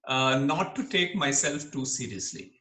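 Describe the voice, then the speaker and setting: A middle-aged man from Kerala, speaking as an interview guest in an earnest, animated way and laughing easily. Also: medium pitch, a little slow. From Kerala, India. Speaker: interview guest, dermatologist and comedian. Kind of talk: reflective interview talk. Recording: echoey room.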